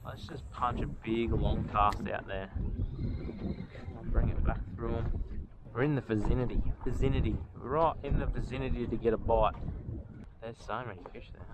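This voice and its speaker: A man giving chatty, excitable commentary as he fishes from a small boat, talking to the fish and to his viewers. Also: medium pitch. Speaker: fishing vlogger. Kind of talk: casual commentary while fishing. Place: outdoors on a small boat on the water. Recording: outdoor boat and water noise.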